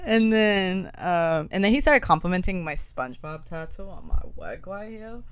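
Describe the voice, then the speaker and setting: A woman's voice: on the low side, animated, moderate pace, smooth, no room sound. A young woman co-hosting a casual podcast, telling stories with giggles and acting out the voices of people she quotes. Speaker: podcast co-host. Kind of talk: casual chat.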